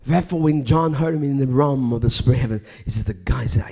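Speaking fast in a creaky, medium-pitched voice, a preacher gives a live sermon built on repetitive rhythmic phrasing. His delivery shifts from loud, emphatic proclamations to near-whispers.

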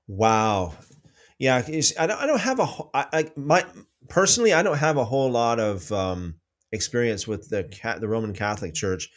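A man hosting a casual livestream about faith, reading out viewer comments and telling stories with many restarts. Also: normal speed. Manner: rambling, restarts often, lively pitch swings when telling stories.

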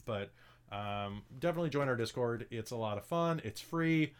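A man's voice: medium pitch, lively intonation, moderate pace, clear, resonant tone. Casual male game master wrapping up a stream, loose, jokey, rambling. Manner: chatty, loose and joking.

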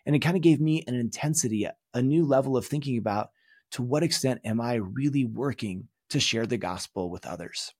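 Earnest man teaching, husky dry voice. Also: medium pitch, fairly quick, darkish tone, no echo. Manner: earnest, explanatory teaching tone with emphatic rises. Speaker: religion course instructor. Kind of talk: recorded video lecture.

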